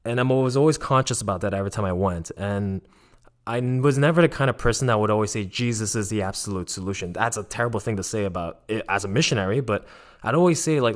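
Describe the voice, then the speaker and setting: A man's voice: fairly low pitch, fast talker. A young man casually telling a story about his missionary days, rambling with many fillers and acting out what others said. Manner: rambling, filler-heavy, animated quoting of others.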